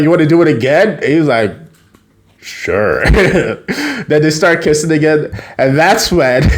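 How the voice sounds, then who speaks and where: A man casually retelling a TV episode, chatty, laughing often and acting out the characters' lines. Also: on the high side. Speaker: TV episode recapper.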